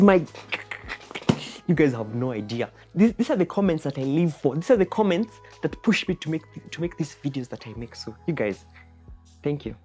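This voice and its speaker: A goofy woman narrates her cooking vlog, her voice swinging high and low with big bursts of excitement. She clowns around as she talks through each step, with faint music behind her. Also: moderate pace. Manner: goofy, exaggerated and enthusiastic, with sudden loud outbursts. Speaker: cooking vlogger.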